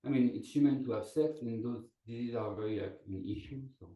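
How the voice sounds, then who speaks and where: A man's voice: mid-range voice, brisk, dull audio. French-accented man, distant and roomy. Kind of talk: panel discussion.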